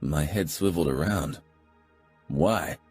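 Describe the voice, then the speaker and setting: Very deep husky male audiobook narrator. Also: measured pace, darkish tone, soft background music. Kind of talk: first-person audiobook narration.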